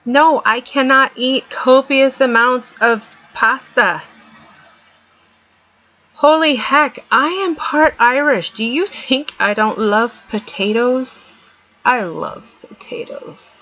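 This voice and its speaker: A woman's voice: high voice, slow pace, bright, forceful tone. A middle-aged woman vlogger giving an earnest, emphatic motivational talk, repeating her points for stress. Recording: dull lo-fi sound.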